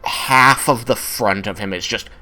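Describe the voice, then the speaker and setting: A man's voice: on the low side, measured pace, pushed and bright. A man narrating a tabletop game as game master, with many hesitant fillers.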